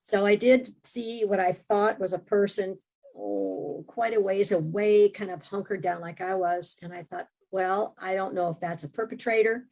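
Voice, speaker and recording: A woman's voice: medium pitch, fairly even intonation, moderate pace, a little mellow. A woman guest on a podcast, telling a personal story in a casual, vivid way and quoting her own thoughts. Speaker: podcast guest, memoir author.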